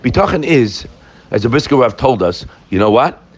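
Animated man giving a Torah lecture. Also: mid-range voice, moderate pace. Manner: animated, rhetorical questions, quotes Hebrew verses. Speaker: Torah teacher.

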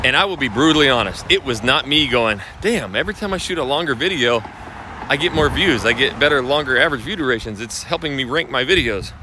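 A man's voice: medium pitch, lively intonation, fast talker. Blunt, profane man ranting over noise. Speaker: video marketing coach for real estate agents. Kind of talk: casual monologue to camera.

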